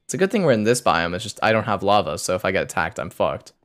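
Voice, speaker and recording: A man's voice: sits low, sing-song, fast, fairly bright tone, clean tone. A young man streaming a game, muttering a loose running commentary to himself as he plays. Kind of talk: live gameplay commentary.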